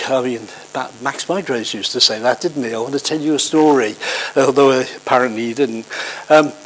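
Hesitant preacher telling a story. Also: male voice, on the high side, rough recording. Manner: conversational, hesitant, with many fillers. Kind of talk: sermon with an anecdote.

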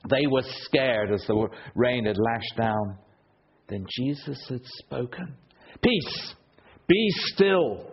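A man preaching a sermon, telling stories with a rhetorical delivery that swings between loud and hushed. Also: medium pitch, takes it slowly, husky. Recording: dull lo-fi recording.

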